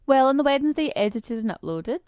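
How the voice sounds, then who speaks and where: A woman with a Scottish accent co-hosting a casual podcast chat, chiming in quickly. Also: high voice, expressive, darkish tone, dry recording, studio quality. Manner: chatty, quick to chime in. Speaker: podcast co-host.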